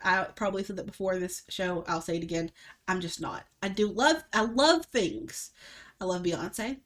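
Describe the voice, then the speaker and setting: A woman with a thick Alabama Southern accent chats casually on a podcast. She tells animated stories, laughs often and swears freely. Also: medium pitch, moderate pace. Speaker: podcast co-host. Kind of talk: casual chat.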